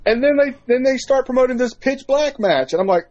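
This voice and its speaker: A man telling a story in a casual chat, profane and animated as he recounts it. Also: extremely high pitch, brisk, muffled recording. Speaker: podcast co-host.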